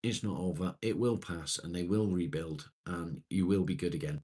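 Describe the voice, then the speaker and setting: A man's voice: deep voice, normal speed, dark tone. A middle-aged man, casually chatting and reassuring viewers on a live stream.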